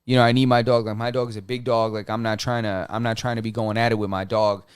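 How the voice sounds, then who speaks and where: A man's voice: fairly low pitch, little pitch movement, fast talker, smooth, dry recording. Opinionated man on a dry mic. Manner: opinionated, loose, with many restarts. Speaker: podcast co-host. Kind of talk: casual chat.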